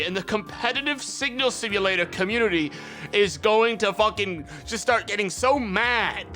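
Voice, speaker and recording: Brief: male streamer, high and bright voice, profane, heated rants at chat. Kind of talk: casual livestream chat.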